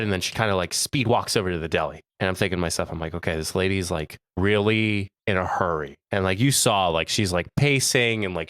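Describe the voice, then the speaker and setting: A man's voice: lowish voice, fairly bright tone, no room sound, studio quality. A young man co-hosting a podcast, telling a story in casual chat, mimicking other people's voices and laughing often. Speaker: podcast co-host.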